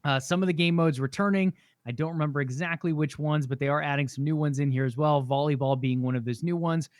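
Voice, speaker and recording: Man, gaming podcast co-host, steady informative rundown, slightly high voice, dry sound. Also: quick pace, no room sound. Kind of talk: casual chat.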